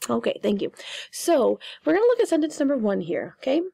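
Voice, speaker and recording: A young woman teaching grammar in a lively, joking way, stuttering over and repeating her words as she walks through examples. Her voice sits a little high but sounds mellow, with a gravelly edge. The recording is close and dry. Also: a little fast, no room sound. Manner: chatty, playful, repeats words. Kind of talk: online grammar lesson.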